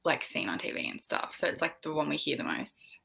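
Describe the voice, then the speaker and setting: Casual Australian woman guest, low gravelly voice, animated delivery. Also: brisk. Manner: chatty, lively, says "like" often. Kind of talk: casual live-stream chat.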